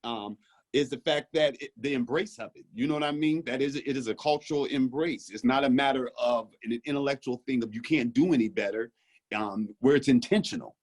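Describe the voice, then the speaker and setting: A man's voice: mid-range voice, a little mellow. Reflective man in a discussion. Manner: reflective, measured, storytelling. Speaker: discussion panelist. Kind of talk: casual video-call discussion.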